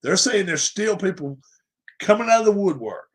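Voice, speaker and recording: There's a sing-song quality to this host's high voice as he rants about sports on his livestream at a moderate pace. He makes his points forcefully, repeats them, and tosses out rhetorical questions.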